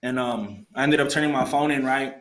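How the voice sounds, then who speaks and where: A man's voice: medium pitch, fairly quick. A young man tells his recovery story to a group in casual, slangy talk, acting out the voices of people he quotes. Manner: animated, acts out quoted voices, streetwise slang. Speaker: alumni speaker sharing recovery story. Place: meeting room. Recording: echoey room.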